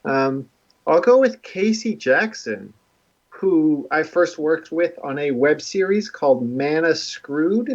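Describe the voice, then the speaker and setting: A man's voice: fairly high pitch, lively intonation, takes it slowly. Self-deprecating male streamer, rambling, muffled mic. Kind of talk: casual livestream chat. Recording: dull lo-fi stream audio.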